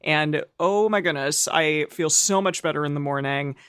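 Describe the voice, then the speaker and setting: A man co-hosts a podcast in a fairly high voice. He reads ads in an upbeat, chatty, informal way. The recording is close and dry. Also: normal speed, a bit bright, clean tone, no room sound. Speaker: podcast co-host. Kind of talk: casual podcast chat with ad reads.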